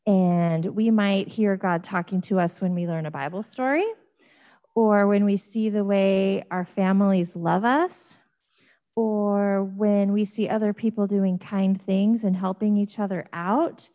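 A woman leads a children's Bible lesson at an unhurried pace. Her voice sits in a middle register, and she talks gently, checking in with the kids through simple questions. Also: medium pitch, steady tone, lo-fi sound. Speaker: children's ministry teacher.

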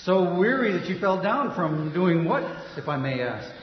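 A man's voice: sits high, very animated, normal speed, recorded from a distance. A man playing a courteous Midwestern psychologist. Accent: Midwestern American. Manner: formal, politely questioning. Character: male psychologist doctor giving spiritual counsel in a church skit. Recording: echoey hall, dull sound.

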